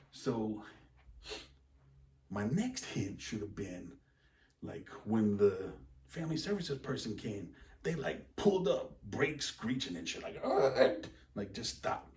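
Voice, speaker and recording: A man's voice: on the low side, darkish tone. Male comic storyteller, crude and rambling, recorded distant in a roomy space. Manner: crude, rambling, exaggerated retelling. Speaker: comedian telling a story. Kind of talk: storytelling stand-up. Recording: roomy, distant mic with faint ambience.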